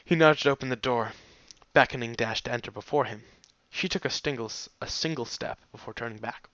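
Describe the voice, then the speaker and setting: A man's voice: mid-range voice, a little fast, few pauses, a bit bright, no echo, highs cut off. A man steadily reading a fan fiction story aloud as its narrator.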